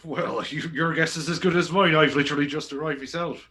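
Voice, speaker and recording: A man's voice: fairly high pitch, fairly even intonation, fairly quick, sharp tone, slight background noise. A man voicing a fussy, self-important old ship captain who talks in a blustering way. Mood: blustery. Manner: blustery, pompous.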